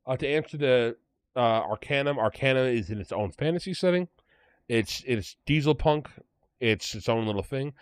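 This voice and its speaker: A man talks in a relaxed, joking podcast chat with a mid-pitched voice. The sound is dry and close, with no room around it. He reads text aloud in the same offhand way. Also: normal speed, smooth, dry recording. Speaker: podcast co-host.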